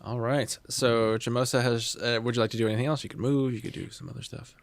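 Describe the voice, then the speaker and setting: A man's voice: medium pitch, fairly even intonation, quick pace, no echo. Chatty male game master, dry sound. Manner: chatty, laughing asides. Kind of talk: narrating a tabletop game.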